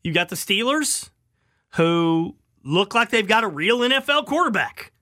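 A man's voice: sits high, very animated, unhurried, sharp tone, no room sound, clean studio sound. A man hosting a sports talk radio show, chatting animatedly and laughing easily as he asks questions.

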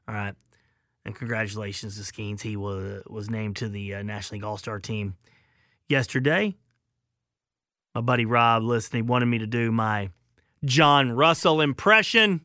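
A male sports talk host with a bright, forceful tone and a mid-range pitch. He sounds opinionated and emphatic, punching key words and letting phrases sink quietly at the end. The sound is dry and close. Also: no echo.

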